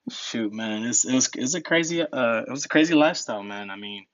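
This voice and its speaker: A man's voice: medium pitch, lively intonation, fairly quick, fairly bright tone, dry recording, dull audio. Laid-back young man telling stories. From New Jersey. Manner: laid-back, laughs often, says "man" a lot. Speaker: podcast guest. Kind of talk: casual storytelling.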